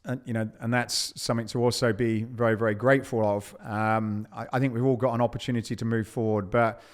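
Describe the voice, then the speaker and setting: Male podcast host, smooth voice, thoughtful monologue, stumbles and restarts. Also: mid-range voice, fairly even intonation. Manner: halting, repeats words.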